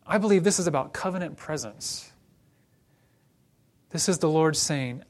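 A man's voice: fairly high pitch, expressive, moderate pace, pauses often. Conversational male preacher from Oklahoma. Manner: conversational teaching with joking asides. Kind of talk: sermon.

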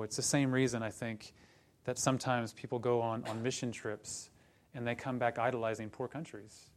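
A man preaching a sermon to a congregation in a conversational way, turning animated when he retells stories. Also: medium pitch, normal speed, a little hiss or hum. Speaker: pastor.

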